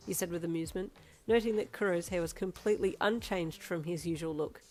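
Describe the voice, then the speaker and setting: Low-pitched woman narrating a story. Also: brisk. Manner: steady second-person narration. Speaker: fanfiction narrator. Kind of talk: story read aloud to the listener. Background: soft instrumental music.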